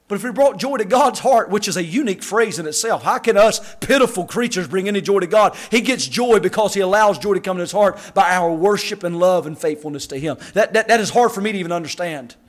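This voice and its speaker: A man preaches a sermon as pastor. His voice sits very high for a man, climbing into shouted, singsong lines before dropping to quiet, hushed asides.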